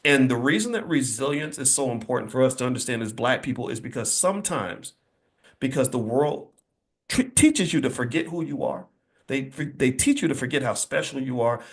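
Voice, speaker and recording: A man's voice: mid-range voice, lively intonation, moderate pace. A man giving a motivational speech to a live audience, with an emphatic, preacher-like cadence, repeated phrases and blunt folksy asides.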